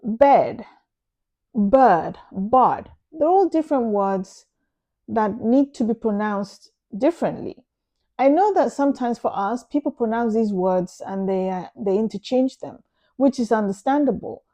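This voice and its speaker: A woman's voice: a little high, expressive, normal speed, warm tone. A woman giving casual advice to her viewers in an earnest, emphatic way, repeating phrases for stress. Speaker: vlogger. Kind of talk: casual advice talk to camera.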